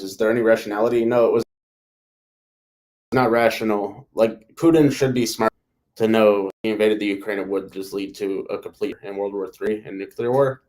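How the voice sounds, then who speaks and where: A man with a lowish voice hosts a loose live chat. He rambles from point to point and keeps dropping "like" and "you know" into his sentences. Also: steady tone, moderate pace, a little mellow. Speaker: host. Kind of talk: casual live discussion.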